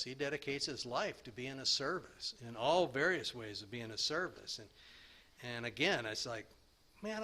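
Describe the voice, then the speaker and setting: A man in his sixties sharing his recovery story at a meeting, rambling and self-deprecating, with halting restarts. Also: mid-range voice, sharp tone. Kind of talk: personal recovery share.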